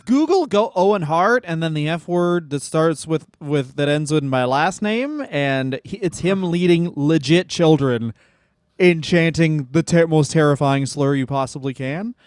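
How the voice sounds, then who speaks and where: Man, comedy podcast co-host, fairly high voice, dry close sound, jokey riffing. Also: animated, darkish tone, dry recording. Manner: riffing, jokey, with quick impressions. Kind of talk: casual comedy podcast chat.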